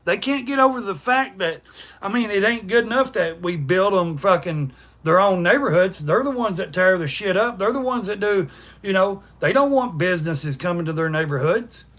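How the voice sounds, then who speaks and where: A man in his forties rants on his livestream, blunt, combative and profane. His voice sits high for a man and comes out bright and forceful. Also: moderate pace. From East Tennessee, USA. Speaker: livestream host. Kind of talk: unscripted livestream rant.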